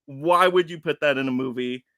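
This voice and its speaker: A man reviewing films in a casual online round-table chat, animated and exasperated when he picks apart a plot. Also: fairly high pitch, moderate pace, no room sound, studio quality. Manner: animated, exasperated ranting about plots.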